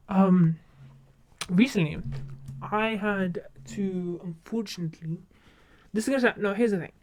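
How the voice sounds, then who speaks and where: A woman's voice: medium pitch, a little slow, long pauses, darkish tone, slight background noise. A young woman streamer chatting casually, rambling and gushing with many fillers and restarts. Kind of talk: casual chat.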